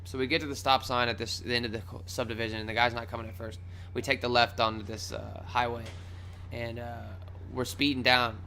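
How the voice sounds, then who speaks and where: A young man casually telling a wild personal story on his vlog, swearing freely, rambling, and acting out his own shouts. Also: medium pitch, flat delivery, brisk, a little hiss or hum. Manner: loose and profane, acts out his own shouts.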